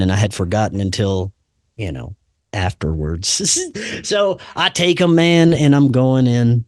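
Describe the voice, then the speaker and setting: A man telling a personal story in casual chat, laid-back and saying "man" and "dude" a lot, doing animated voices for the people he quotes. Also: mid-range voice, measured pace, no room sound, clean studio sound.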